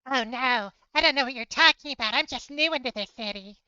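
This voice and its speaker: A man's voice: fairly quick, sharp tone, clean tone, dry recording, dull audio, full character voice. A man voicing a flustered newcomer who pleads innocence in a nervous, raised character voice. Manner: higher, nervous put-on character voice.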